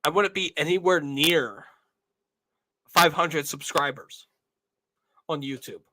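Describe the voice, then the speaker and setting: Young male host, slow and earnest, bright tone, emotional address to viewers. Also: a little high, slight background noise. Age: 20s. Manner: earnest, repeats "all right?". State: emotional, tearing up. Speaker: channel host. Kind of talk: casual monologue to viewers.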